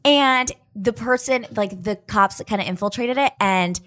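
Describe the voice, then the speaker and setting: A woman co-hosting a casual chat podcast, telling stories in a chatty way with lots of fillers and quick laughs. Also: mid-range voice, a bit bright.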